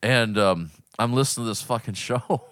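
A man's voice: medium pitch, moderate pace, a bit bright, clear, resonant tone, dry recording, clean studio sound. A man hosting a casual podcast, swearing freely and telling stories with plenty of laughter. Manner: profane, laughing storyteller. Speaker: podcast host and founder.

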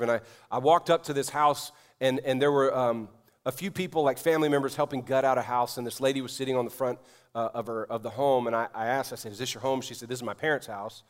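Man preaching a storytelling sermon. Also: mid-range voice. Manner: storytelling, builds to loud emphatic preaching. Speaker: pastor.

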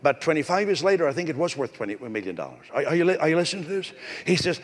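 A male pastor preaching a sermon with a raspy voice, emphatic and repetitive, calling out to the congregation. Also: fairly high pitch, very animated, rapid-fire. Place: church. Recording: echoey hall.

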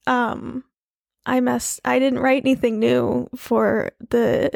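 A woman co-hosting a casual podcast while sick, her voice rough, rambling and self-deprecating with many restarts. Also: fairly high pitch, level tone, takes it slowly, a little mellow, no room sound, studio quality. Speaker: podcast co-host.

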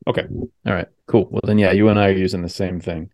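A man with a fairly low voice hosts a casual podcast, rambling in long chatty runs and stopping to correct himself. His voice is recorded dry and close, with little room sound. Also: level tone, fast, a little mellow, dry recording. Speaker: podcast host. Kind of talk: casual chat over a video call. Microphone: video call.

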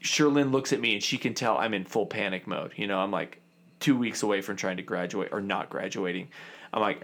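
A man in his thirties, a dentist, telling a story in a casual, animated way and acting out the other people in it. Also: lowish voice, normal speed.

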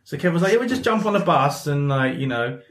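In an echoey, spacious room, a podcast host from England speaks fast in a voice on the high side. Telling a story in casual conversation, he does lively impressions of the people involved and laughs frequently.

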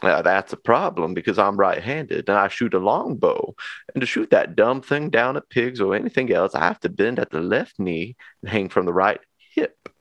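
A man's voice: fairly low pitch, animated, moderate pace, fairly bright tone, dry recording, lo-fi sound. A man voicing a Louisiana hog hunter with a put-on Cajun accent, telling a folksy story about a hunting mishap. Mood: rueful storytelling.

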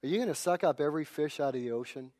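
A preacher doing an exasperated, doubting Moses. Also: male voice, on the high side, darkish tone, lightly acted. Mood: incredulous. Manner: rapid incredulous questions. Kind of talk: retelling a scripture story in a sermon.

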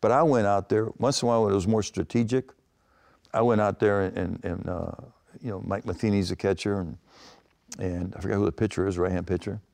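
Fairly low, gravelly, and a little mellow, this older man's voice belongs to a former baseball manager being interviewed. He answers with long storytelling tangents, often restarting and performing the quotes in his anecdotes.

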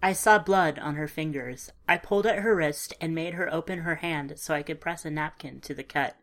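Low-voiced woman narrating a story. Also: normal speed, fairly bright tone. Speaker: audiobook narrator. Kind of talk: first-person story narration.

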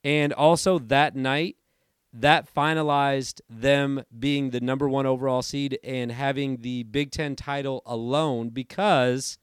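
A man in his thirties hosting a casual sports podcast, chatty and rambling, his voice hoarse from allergies. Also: mid-range voice, no echo, clean studio sound. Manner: chatty and rambling, self-correcting. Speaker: podcast host.

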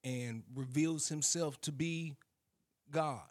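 A man's voice: on the high side, takes it slowly. Thoughtful man asking probing questions. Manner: thoughtful, questioning, thinks aloud. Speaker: co-host. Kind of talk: casual faith discussion.

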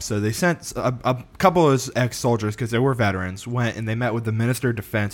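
A man's voice: mid-range voice, fast talker, few pauses. A tired man co-hosts a casual podcast, rambling through a history story. He laughs often and stumbles over names as he goes. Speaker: podcast co-host. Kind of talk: casual chat.

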